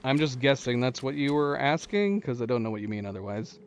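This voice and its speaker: A man's voice: medium pitch, lively intonation, brisk, a little hiss or hum. A man streaming a video game, casually chatting and answering viewers as he plays. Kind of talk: casual gameplay commentary.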